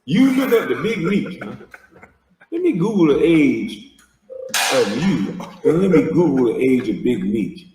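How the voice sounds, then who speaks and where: A man's voice: a little high, very animated, unhurried, pauses often, mellow, recorded from a distance, a little hiss or hum. A man hosting a heated reaction commentary, mocking and confrontational and swearing a lot. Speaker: host reacting to a video clip. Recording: echoey room, speaker off mic.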